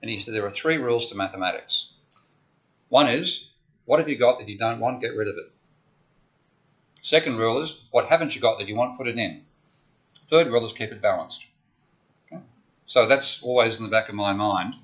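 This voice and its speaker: A man's voice: mid-range voice, brisk, long pauses, fairly bright tone. A man giving a university economics lecture, explaining step by step in a conversational way and checking in with "okay?". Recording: dull lo-fi lecture recording.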